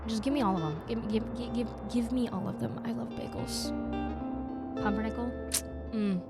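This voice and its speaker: A young adult woman streaming a game, chatting playfully and reading chat aloud, sometimes softening into a quiet mock accent. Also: fairly high pitch, normal speed. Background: game music playing.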